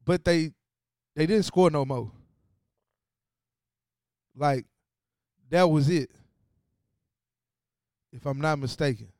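A man with a high, smooth voice rants about a game in a casual, profane, trash-talking style. He drops low and flat to read off stats, then jumps loud and excited, hammering the same phrase over and over. The sound is dry and close to the mic. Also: takes it slowly, long pauses, dry recording. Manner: swings between low stat-reading and loud excited outbursts. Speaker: sports podcast host. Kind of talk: animated casual sports rant.

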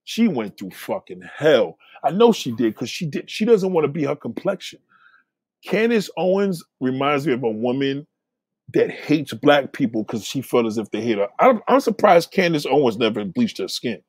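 A man's voice: mid-range voice, big pitch swings, normal speed, slightly rough, no echo. A man talking in a blunt, heated rant, swearing often and repeating himself as he presses a point. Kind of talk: casual opinionated rant.

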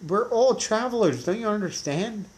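Calm old rabbi a man does, patient, a bit higher than normal. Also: normal speed. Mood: gently explaining. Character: gentle, patient old male rabbi teacher.

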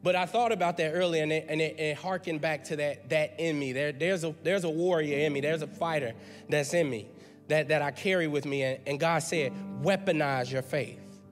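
A male preacher in a church sanctuary talks fast with a fairly high pitch and fairly even intonation. His sermon is emphatic and conversational, building through repetition. Faint music sits underneath, and the room adds a long hall reverb.

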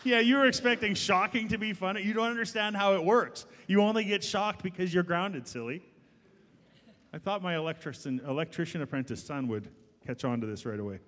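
A middle-aged man preaching a sermon as pastor, jokey and lively, talking straight to the congregation. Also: sits high, fairly quick. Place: church. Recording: long church hall reverb.

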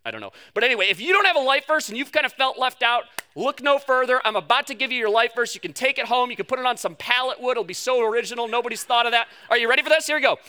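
High, bright-voiced young-sounding male preacher. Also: rapid-fire, few pauses, clear, resonant tone. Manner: animated and joking, with playful asides. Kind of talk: conversational sermon. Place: church service before a congregation.

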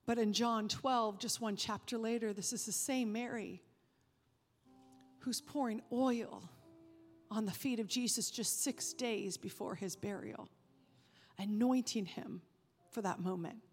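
A woman preacher delivering a sermon, emphatic, rising when animated and dropping soft to stress a point. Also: a little high, measured pace. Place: church sanctuary. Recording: reverberant hall with faint music.

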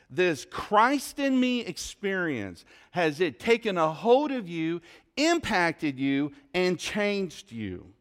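A male pastor preaching a sermon in a church, emphatic, with rhetorical questions and dramatic pauses. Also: fairly high pitch. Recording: long hall reverb.

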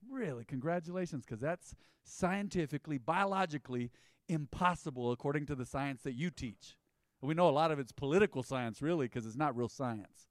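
A man's voice: medium pitch, expressive, a little fast, no echo, studio quality. A man preaching a sermon as pastor, in an emphatic, conversational style with rising bursts.

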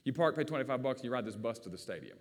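A man's voice: medium pitch, expressive, racing. A man with a rural Virginia accent, preaching a sermon in a folksy, storytelling way. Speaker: pastor. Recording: long hall reverb.

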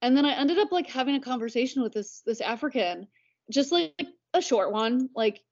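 A woman's voice: high-pitched, animated, a little fast. Chatty woman on dull audio. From United States. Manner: chatty, many "like" fillers. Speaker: podcast guest. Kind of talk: casual conversation.

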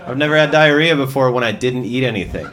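A man's voice: medium pitch, fast talker, background noise. A man from South Dakota doing a stand-up set, griping in a loose, conversational way. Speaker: stand-up comedian. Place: comedy club.

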